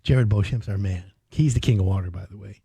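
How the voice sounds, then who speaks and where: A man in his fifties hosting a home improvement radio show, telling stories with loud animated bursts. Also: fairly low pitch, a little fast, vocal fry, husky, no echo. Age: 50s. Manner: animated storyteller, loud bursts, reads phone number. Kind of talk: casual radio chat.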